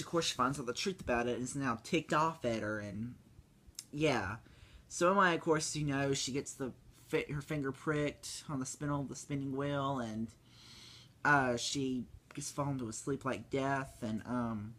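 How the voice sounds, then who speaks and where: A man giving a casual movie review, rambling with many fillers and restarts, and now and then breaking into squeaky high voices to mimic the characters. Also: moderate pace, fairly bright tone.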